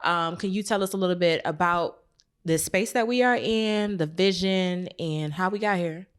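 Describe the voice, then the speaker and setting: Woman, podcast co-host, casual interview, supportive, lowish voice. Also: moderate pace, clear, resonant tone. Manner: supportive, brief affirmations. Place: photography studio.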